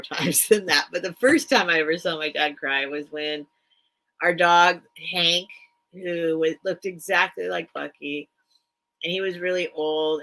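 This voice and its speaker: A middle-aged woman chats her way through a home live-stream sale, rambling and filling gaps with ums. Her voice sits low but rings bright and forward. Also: low-quality recording. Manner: chatty, rambling, many filler ums. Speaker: online vintage seller. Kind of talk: casual live-stream sales chat.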